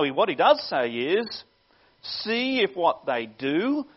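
A male pastor preaching a sermon earnestly, swelling louder on key phrases and dropping low at their ends. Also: highs cut off.

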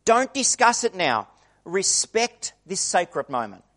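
A man's voice: high-pitched, very animated, slow, fairly bright tone. A middle-aged man preaching a conversational sermon, acting out the quoted voices he describes.

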